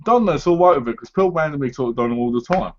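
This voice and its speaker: A man's voice: on the high side, lively intonation, racing, a little mellow. A man chatting casually, telling rambling, jokey stories and losing his words. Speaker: co-host. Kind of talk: casual chat. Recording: slightly dull lo-fi sound.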